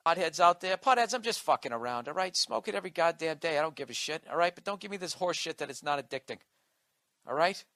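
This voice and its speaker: A man's voice: fairly high pitch, expressive, fast, a bit bright, dry recording. A man doing a profane comic rant with mocking asides. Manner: profane ranting, mocking impressions. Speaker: comedian. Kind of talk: podcast rant.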